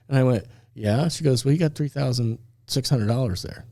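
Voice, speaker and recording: Male storyteller, talk-show regular; lively, acts out every line, warm mellow tone, dry studio. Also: mid-range voice, quick pace, no room sound. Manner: animated storyteller, acts out dialogue, laughs often.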